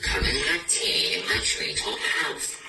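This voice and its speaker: A man voicing a fussy, hungry owl in a picture-book reading, in a high fluting voice. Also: lively intonation, a little slow, loud music behind the voice. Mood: eager. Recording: echoey room, distant mic, noisy.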